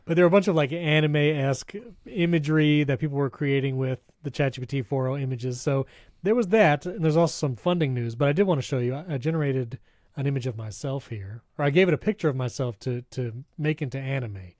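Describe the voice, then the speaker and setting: A man co-hosting a tech podcast in casual chat, upbeat and chatty, quick to laugh. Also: medium pitch, darkish tone, no echo, clean studio sound. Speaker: podcast co-host.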